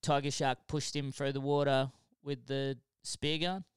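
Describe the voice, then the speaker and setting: Aussie host, slow talker, smooth dry voice, chill. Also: male voice, medium pitch, no echo. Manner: relaxed, prompting with short agreements. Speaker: podcast host. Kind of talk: casual chat.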